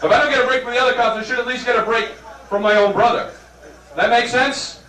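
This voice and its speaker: A man's voice: very high voice, quick pace, pushed and bright. A man doing a wry, self-mocking stand-up set, chuckling through his lines. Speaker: stand-up comedian. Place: small comedy club. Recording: roomy club from far off, crowd laughing.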